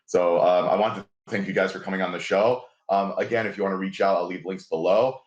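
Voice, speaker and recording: Very deep male host, jokey and relaxed, muffled roomy sound. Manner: joking, laid-back, quick asides. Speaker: interview show host. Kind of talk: casual interview hosting. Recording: echoey, dull room sound.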